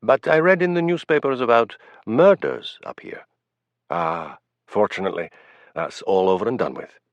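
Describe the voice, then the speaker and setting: A man voicing a wry Highland village policeman with a Highland Scottish accent, in a dull, dry recording. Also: lively intonation, moderate pace, no room sound.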